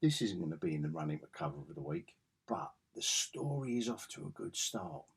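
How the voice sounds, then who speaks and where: A man's voice: very deep voice, very animated, brisk, slightly rough. A man talking through comic books in a casual review vlog, chatty and enthusiastic.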